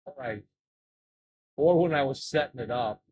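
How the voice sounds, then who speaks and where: A man hosting a casual live stream who talks in a halting way and often repeats his words. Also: mid-range voice, a little mellow, poor audio.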